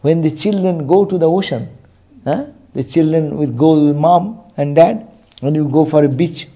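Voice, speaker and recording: This male spiritual teacher speaks with a fairly high, warm voice at a moderate pace. His sermon unfolds as a series of stories, punctuated often by a questioning "eh?" aimed at his audience.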